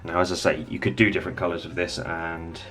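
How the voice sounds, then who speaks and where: Deep-voiced man teaching miniature painting. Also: quick pace, faint music behind. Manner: relaxed, rambling, thinks aloud while working. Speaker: painting tutor. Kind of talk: casual hobby tutorial.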